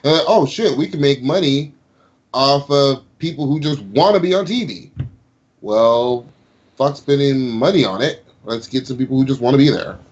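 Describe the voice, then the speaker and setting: Male gaming YouTuber, mid pitch, dull lo-fi mic sound, opinionated and explaining. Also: animated, moderate pace. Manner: opinionated, explains, swears casually. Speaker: YouTube gaming channel host. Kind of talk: casual podcast chat.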